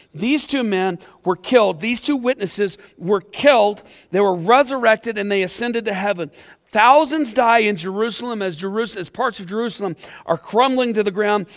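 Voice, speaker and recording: A male pastor preaching an impassioned sermon in a church, swinging between loud passages and hushed ones. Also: high voice, big-room sound. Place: church sanctuary.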